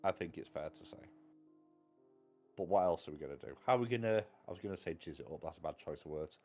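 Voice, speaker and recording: A booktube host chats casually, rambling and wry, often cutting himself off mid-sentence. His deep voice is darkish and quick with lively intonation, and faint music plays behind him.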